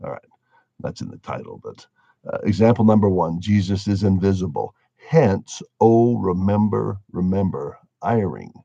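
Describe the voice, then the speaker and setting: Low gravelly guy musing on faith, kinda dull lo-fi sound, wry and chuckly. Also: warm tone, dry recording. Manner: wry, musing, laughs at his own points. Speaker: religious commentator. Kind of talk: casual spoken monologue. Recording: dull lo-fi dry recording.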